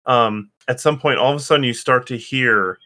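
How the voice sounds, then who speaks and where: A man's voice: mid-range voice, normal speed, sharp tone. A man narrating a tabletop game as game master, hesitant and full of restarts. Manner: hesitant, many fillers and restarts.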